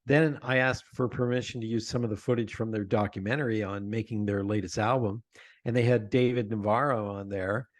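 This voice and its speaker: A man guesting on an interview podcast, telling animated stories about his own show and laughing often. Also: lowish voice, a little fast, no echo, studio quality. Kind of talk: conversational interview.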